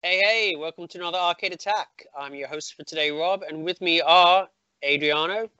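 A man's voice: on the high side, moderate pace, sharp tone, clear, resonant tone, no echo, dull audio. A man hosting a podcast over a video call, casually chatting and spinning a mock-serious theory with playful delivery. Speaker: podcast host. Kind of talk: casual chat.

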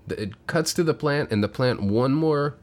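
A man's voice: medium pitch, normal speed. A man co-hosting a podcast, casually retelling a movie plot with a lot of fillers and the odd swear word. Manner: laid-back, with many fillers and some swearing. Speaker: podcast co-host.

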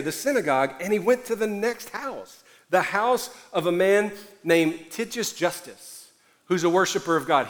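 High-voiced preacher in an echoey hall. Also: male voice. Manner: animated, storytelling with playful asides. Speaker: pastor. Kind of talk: sermon.

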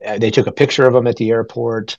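A man's voice: medium pitch, fairly even intonation, fast talker, a little mellow, dry recording, lo-fi sound. Rambling, hedging man from New Mexico. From New Mexico, USA. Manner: rambling and hedging, chuckling often. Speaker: podcast co-host. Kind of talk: casual chat.

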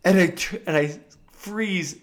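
A dentist telling a funny story from his practice in a casual chat, animated and often laughing. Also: high-pitched, unhurried. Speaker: podcast co-host.

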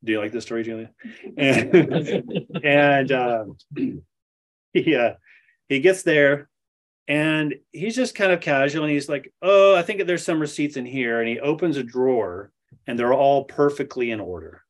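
Guy telling a lively story at a talk, doing everyone's lines, mid pitch. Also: measured pace. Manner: animated storyteller acting out dialogue. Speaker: speaker at a study center.

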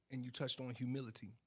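A male co-host with an ordinary mid-range voice, taking part in a casual faith discussion. He works through his ideas out loud and keeps raising questions. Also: medium pitch, slightly rough. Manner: thoughtful, questioning, thinks aloud.

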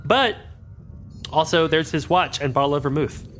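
A man acting as game master, calmly explaining scenes and rules. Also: fairly high pitch, moderate pace, soft background music. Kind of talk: running a tabletop game.

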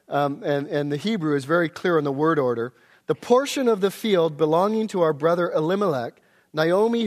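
High-voiced man preaching. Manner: earnest expository preaching, reading scripture aloud. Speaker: pastor. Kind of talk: sermon.

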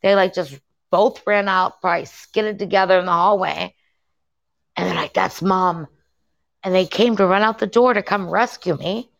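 A woman's voice: mid-range voice, normal speed, gravelly, no echo, lo-fi sound. A woman guest in a casual conversation, chatty and telling a story, peppering her talk with "like". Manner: chatty, uses "like" constantly. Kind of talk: casual chat.

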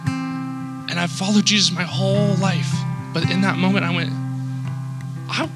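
A man giving his personal testimony at church, emotional and close to tears, talking haltingly with many fillers. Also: sits high, little pitch movement, rough recording. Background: loud guitar music.

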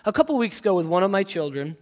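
A man in his thirties delivers a sermon in an easygoing, self-deprecating way, full of personal stories and casual asides. His voice sits fairly high for a man. The sound carries the long reverb of a large church hall. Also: very animated, fast, darkish tone. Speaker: pastor.

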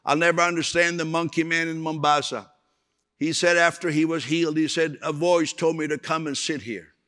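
Bright-voiced preacher man in a reverberant hall. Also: a little high, steady tone, moderate pace. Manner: storytelling, acts out quoted voices. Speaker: evangelist preacher. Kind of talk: sermon.

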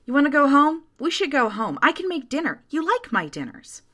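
A woman's voice: on the high side, expressive, normal speed, fairly bright tone, pitched above the performer's own voice. A woman reading a story aloud and voicing a worried, protective young woman who coaxes her girlfriend. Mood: fretful.

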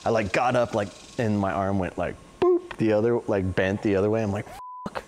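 Man, forties, interview guest, casual storytelling, rambling, fairly low voice, faint noise behind. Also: fairly even intonation, quick pace, darkish tone. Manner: rambling, peppered with "like" and "you know".

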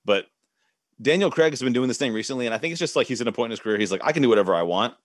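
A man's voice: mid-range voice, expressive, rapid-fire, no room sound, studio quality. A male host rambling casually in an interview, laid-back and full of fillers.

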